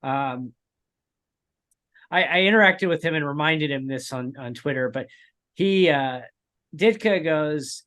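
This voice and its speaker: A man with a somewhat high-set speaking voice chats casually as a podcast co-host. He rambles through stories, breaking off mid-sentence and chuckling as he goes. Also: animated, normal speed, long pauses, fairly bright tone. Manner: rambling storyteller, chuckles while telling stories. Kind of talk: casual chat.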